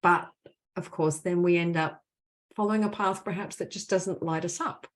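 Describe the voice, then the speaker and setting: A woman, acting as a spiritual mentor who guides a group call in a gentle, soothing, affirming way and often adds "right?". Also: on the low side, fairly even intonation, normal speed. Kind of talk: guided group clearing session. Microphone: online video call.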